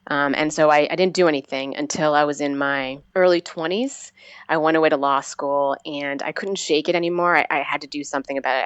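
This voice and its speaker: A woman in her forties telling her personal story as an interview guest, earnest and halting, often restarting her sentences. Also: sits low, a bit bright, no echo. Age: 40s.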